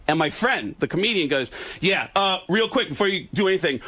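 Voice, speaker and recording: A man telling a long, raunchy story on a talk show, acting out the voices in it and breaking into laughs and shouts. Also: a little high, fast talker, hardly any pauses. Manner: animated, acts out quoted voices, laughing and shouting at the punchline. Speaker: guest storyteller.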